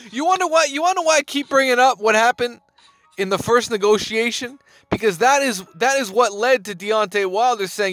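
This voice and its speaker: Male sports-channel host, casual emphatic delivery, high voice, dry room, faint music bed. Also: lively intonation, normal speed, a bit bright, dry recording. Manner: emphatic slangy talk, repeats phrases, swears. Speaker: boxing news host. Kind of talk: casual commentary to camera.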